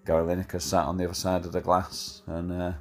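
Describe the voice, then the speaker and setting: A man tells a rambling night-out story in a voice message, his voice deep and held in a narrow range. He fills gaps with "uh" and keeps a cheeky, laddish tone, with faint music in the background. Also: monotone, fast talker. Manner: chatty, laddish, full of fillers. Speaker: caller sending a voice message.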